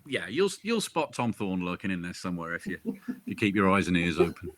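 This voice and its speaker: A man's voice: low voice, sing-song, brisk, a little hiss or hum. A man, a crime author chatting casually as an interview guest, with jokey asides and frequent restarts. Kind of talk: casual chat.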